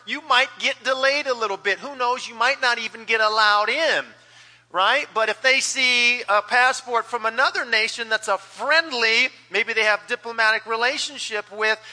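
A man's voice: very high voice, bright, forceful tone. A male pastor giving a sermon in a church sanctuary, rambling along with many fillers and restarts. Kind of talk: sermon with a told joke. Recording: long hall reverb.

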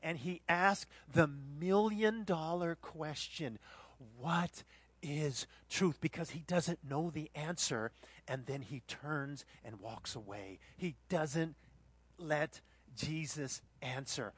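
A man preaching a sermon, moving between hushed reflection and loud, dramatic retelling of the scene. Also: fairly high pitch, takes it slowly, slightly rough. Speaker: pastor.

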